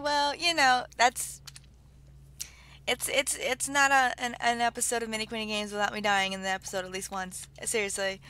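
Speaking at normal speed with a fairly high pitch, a young let's play host gushes excitedly over her game, full of exclamations and laughter. A budget desktop mic captures her along with keyboard clicks and a faint background hum.

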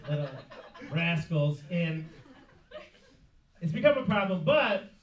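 A man's voice: a little high, animated, takes it slowly, muffled recording. A man performing a stand-up comedy set in a club, telling a story and laughing through his lines. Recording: roomy club sound from far off, loud audience.

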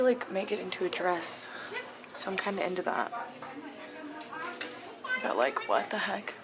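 A young woman in a casual shop-with-me vlog, chatty and excited, often dropping to a whisper, filmed on a handheld camera inside a thrift store. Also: mid-range voice, a little slow, pauses often. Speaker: vlogger. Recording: store noise in background.

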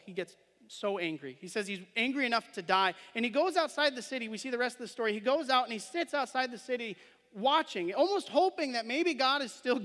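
Bright-voiced man preaching in a big hall. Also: extremely high pitch. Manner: reads scripture aloud, then explains it conversationally; asks listeners questions and adds "right?". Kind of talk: sermon. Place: church sanctuary. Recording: long hall reverb.

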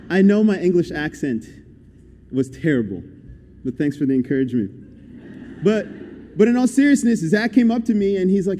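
A man's voice: high voice, lively intonation, normal speed, long pauses, dark tone, a little hiss or hum. Young man preaching in an echoey hall. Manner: conversational, upbeat and encouraging. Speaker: guest preacher. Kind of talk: sermon. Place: church hall.

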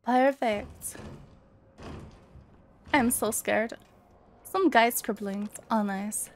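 Speaking very slowly in a slightly high voice, with slight background noise, a young woman streams a horror game. She chats casually through the let's play, reads out notes and spooks easily.

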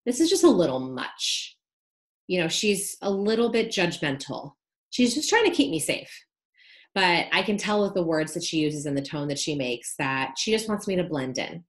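Low-voiced reflective woman. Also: lively intonation, normal speed. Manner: earnest, reflective, uses like and you know. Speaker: podcast guest. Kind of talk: casual interview chat.

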